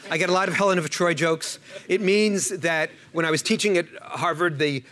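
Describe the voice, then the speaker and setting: High-voiced animated New York man. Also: moderate pace. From United States. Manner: animated storytelling, repeats words when restarting. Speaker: panel speaker, historian. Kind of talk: conference talk with jokes. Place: conference room.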